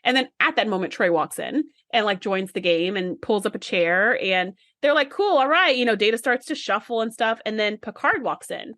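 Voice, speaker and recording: A woman's voice: medium pitch, expressive, fairly bright tone, no room sound, studio quality. A woman co-hosting a podcast in casual chat, retelling scenes and acting out the lines. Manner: chatty, acts out character lines in quick retellings. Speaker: podcast co-host.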